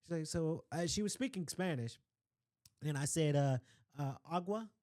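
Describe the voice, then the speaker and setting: A young man hosting a podcast, telling a travel story in a rambling, chatty way full of asides and shout-outs. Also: a little high, normal speed, no echo. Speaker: podcast host. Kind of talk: casual chat.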